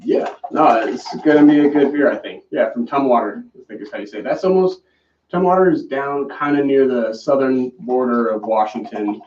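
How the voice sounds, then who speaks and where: A man co-hosting a casual beer-tasting chat, relaxed and laughing easily, who reads label text aloud plainly. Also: medium pitch, moderate pace. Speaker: podcast co-host. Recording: far-off mic in an echoey room, dull sound.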